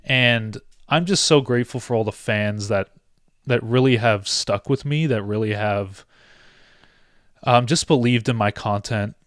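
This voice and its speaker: A man's voice: mid-range voice, measured pace, a bit bright, no room sound, clean studio sound. A young man hosting a sports live stream, talking earnestly and emotionally to his viewers with many restarts.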